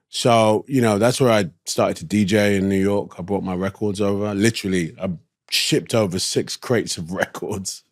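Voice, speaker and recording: A man from East London with a low-pitched voice and a London accent casually tells stories as a guest. He's laid-back and slangy and drifts between thoughts, recorded cleanly in a studio with no echo.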